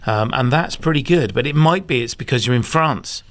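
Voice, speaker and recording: A man hosting a podcast, giving practical advice in a relaxed, chatty way. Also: mid-range voice, normal speed. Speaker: podcast host. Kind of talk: casual podcast chat.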